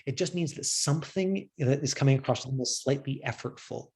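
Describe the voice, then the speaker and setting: A man's voice: mid-range voice, a little fast, hardly any pauses, darkish tone. A man teaching acting on camera, talking casually and rambling with many restarts. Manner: rambling, full of fillers and restarts. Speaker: acting coach.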